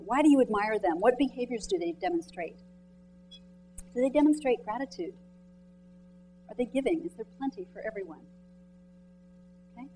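Chatty, animated woman giving a motivational talk. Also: a little high, a little hiss or hum, poor audio. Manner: chatty, animated storytelling with many "like"s; quizzes the audience directly. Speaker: author speaking to students and mentors. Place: lecture room.

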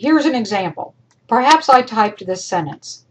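A woman college instructor recording feedback for her class, emphatic and encouraging, talking straight to her students, her voice worn and going hoarse. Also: a little high, expressive, moderate pace, lo-fi sound.

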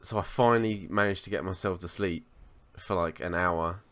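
A lower-pitched man chatting casually on a podcast. He tells a story with plenty of swearing and lively build-up, fairly low in pitch. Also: normal speed. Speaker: podcast co-host.

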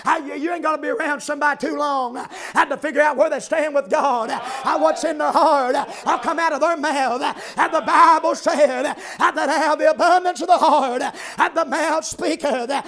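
A man preaches an old-time revival sermon in a very high, gravelly voice. He chants in rhythmic bursts broken by "uh", then climbs into shouted hallelujahs. His delivery swings hard between low, quick asides and ringing cries.

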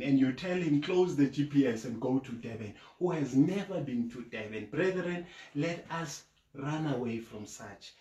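A man preaching at home in an echoey room. His voice sits in a middle pitch, measured and earnest. He pushes to emphatic peaks on key points. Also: darkish tone. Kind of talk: sermon.

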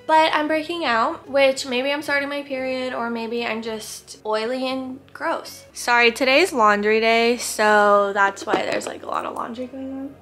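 A young woman talks to the camera at home in a loose, rambling vlog. Her voice sits a little high, and she keeps slipping in "like" and "literally" as she chats. Soft music plays faintly behind her. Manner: chatty and rambling, full of "like" and "literally". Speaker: vlogger. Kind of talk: casual vlog chat.

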